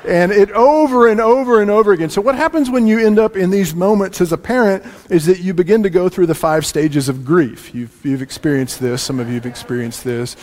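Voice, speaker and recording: A man preaching a sermon as pastor, telling a family story with lively shifts between loud lines and quiet asides. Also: high voice, fairly quick, hardly any pauses. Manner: animated, swings from loud to hushed asides. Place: church sanctuary. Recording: long reverb in a large room.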